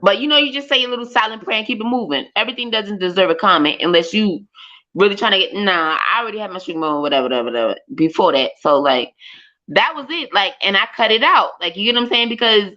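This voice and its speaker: A woman, hosting a livestream and talking animatedly, with lots of swearing and exclamations. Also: medium pitch. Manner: animated and profane, loud exclamations, laughs. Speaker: livestream host. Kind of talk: casual streamer chat. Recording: dull lo-fi stream audio.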